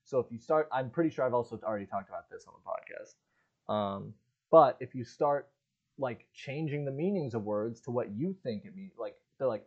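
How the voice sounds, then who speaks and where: A young man co-hosting a podcast, telling animated stories in casual chat and acting out his friends' lines. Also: mid-range voice, moderate pace, husky, highs cut off. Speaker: podcast co-host.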